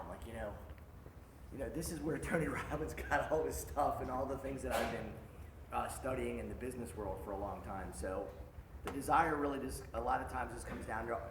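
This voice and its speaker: A man's voice: medium pitch, a little fast, background noise. Earnest man speaking from across an echoey room. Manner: earnest, rambling with fillers. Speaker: group member. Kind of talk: sharing in group discussion. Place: meeting room at a men's breakfast. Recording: echoey room, mic far off.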